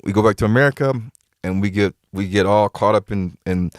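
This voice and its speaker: A man's voice: fairly low pitch, a little fast, dry recording, studio quality. A man, a podcast guest, telling stories emphatically, often repeating himself as he retells conversations. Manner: emphatic, retells conversations with many quoted lines. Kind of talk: conversational storytelling.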